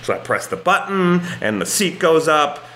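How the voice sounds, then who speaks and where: Bright-voiced man telling a comic story. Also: on the high side, normal speed, a little hiss or hum. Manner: animated, acts out dialogue with lots of fillers. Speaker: podcast guest.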